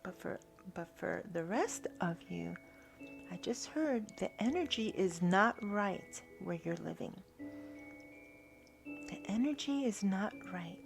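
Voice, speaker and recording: A woman giving a spiritual tarot reading in a soft, earnest way, now and then dropping to a hushed whisper. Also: medium pitch, expressive, slow, creaky, faint music behind. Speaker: tarot reader.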